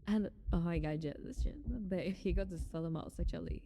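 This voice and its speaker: A woman's voice: on the low side, a little fast, noisy background. A young woman live-streaming, chatting casually with her viewers, greeting them and giggling often.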